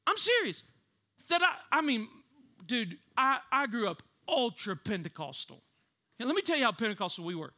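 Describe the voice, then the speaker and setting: A man preaching a sermon with comic stories, animated, laughing often and acting out voices. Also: very high-pitched, a little fast.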